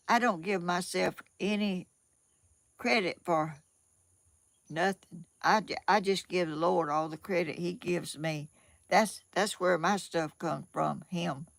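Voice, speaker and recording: A woman's voice: on the low side, vocal fry, no echo. An older woman from Georgia with a Southern accent, rambling in a casual home vlog and often repeating herself. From Georgia, USA. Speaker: vlogger.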